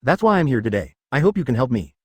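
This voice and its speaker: Male reader as a scheming ninja boss, blunt and persuasive, brisk with an animated line. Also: mid-range voice, husky, no room sound.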